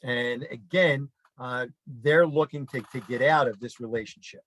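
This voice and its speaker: A man's voice: mid-range voice, moderate pace, a bit bright, rough recording. A middle-aged man giving a casual history lesson over slides, folksy and conversational, with asides and fillers. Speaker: history teacher.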